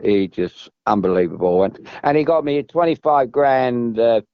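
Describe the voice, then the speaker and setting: As a guest on a podcast, this former footballer from England tells sprawling, meandering stories, restarting and repeating along the way. His mid-range voice is clear and resonant at a normal speed, captured without room sound but with dull audio.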